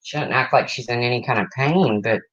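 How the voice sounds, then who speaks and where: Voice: medium pitch, brisk, a bit bright, lo-fi sound. A livestream host in casual chat, rambling and breaking off to greet viewers, emotional and close to tears.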